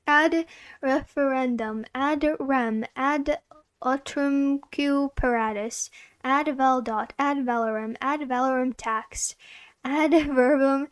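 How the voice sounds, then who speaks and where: A woman streamer works through a dictionary word by word at an unhurried pace. Her voice sits high, and she giggles whenever a tricky term trips her up. The sound is dry and close, with no room around it. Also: clean tone, no echo. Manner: giggly, stumbles over hard words. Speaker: vtuber. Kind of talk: reading dictionary entries aloud.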